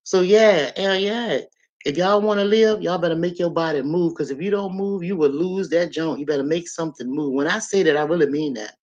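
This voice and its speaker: A woman in her sixties hosting a live stream, talking casually and straight to her viewers, animated and often laughing. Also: fairly low pitch, fairly quick, highs cut off. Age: 60s.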